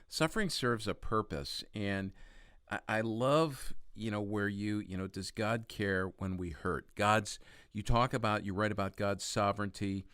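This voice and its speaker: A man hosting a podcast, asking interview questions in a halting way with many fillers. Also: lowish voice, fairly even intonation, a bit bright, clear, resonant tone, dry recording, studio quality. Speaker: podcast host.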